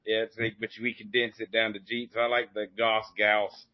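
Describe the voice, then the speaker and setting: Low-voiced man, rambling. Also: level tone, quick pace, no echo. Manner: rambling, folksy, many fillers and restarts. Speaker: podcast host. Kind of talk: casual conversation. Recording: dull, dry lo-fi audio.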